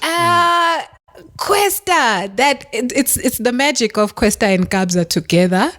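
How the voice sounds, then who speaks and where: A woman's voice: a little high, expressive, measured pace, fairly bright tone. A woman, a guest on a podcast, talking casually and enthusiastically and laughing often. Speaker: podcast guest, data professional. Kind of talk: casual conversation.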